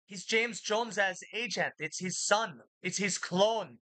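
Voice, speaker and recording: A woman's voice: mid-range voice, slow pace, a bit bright. A woman talking in a rambling monologue to her viewers, often speaking of herself in the third person, blunt and profane. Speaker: vlogger.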